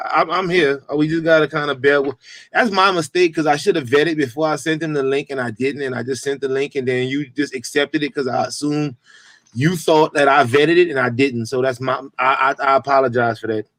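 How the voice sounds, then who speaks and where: A man's voice: mid-range voice, steady tone, fairly quick, fairly bright tone, no echo. A man co-hosting a casual sports talk stream, hesitant and apologetic, repeating his words. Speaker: co-host.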